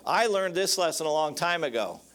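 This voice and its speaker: A man's voice: a little high, lively intonation, a little fast, a bit bright. A man preaching a sermon on marriage in a folksy, joking way, often calling out to the congregation for an amen. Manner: folksy, joking, calls out for amens. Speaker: pastor.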